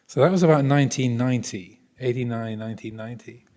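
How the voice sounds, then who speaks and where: A man's voice: mid-range voice, quick pace, dark tone. Man giving a hesitant monastery talk. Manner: thoughtful, hesitant, many restarts. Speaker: Buddhist monastic teacher. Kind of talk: Dharma talk to visitors. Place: Buddhist monastery hall. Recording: reverberant hall recording.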